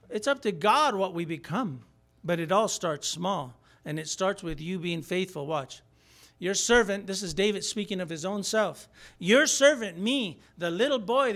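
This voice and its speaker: A man's voice: sits high, a bit bright. A male preacher giving a sermon to a live congregation in an emphatic, repetitive, exhortatory way.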